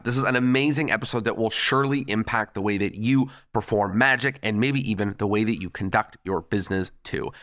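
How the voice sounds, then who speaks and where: A man hosting a podcast, upbeat and chatty, with a somewhat squeaky voice. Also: sharp tone, dry recording, studio quality. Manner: enthusiastic and chatty. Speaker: podcast host. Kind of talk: casual interview hosting.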